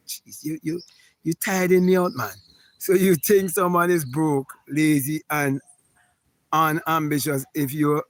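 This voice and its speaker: A man's voice: a little high, no echo. Emphatic preachy man, dry close sound. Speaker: spiritual talk host answering comments. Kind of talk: casual live talk reading viewer comments.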